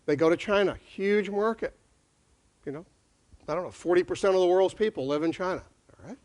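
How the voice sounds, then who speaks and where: A man giving a conversational conference talk on leadership to a live audience, energetic and full of questions. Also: sits high, brisk. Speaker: speaker on leadership.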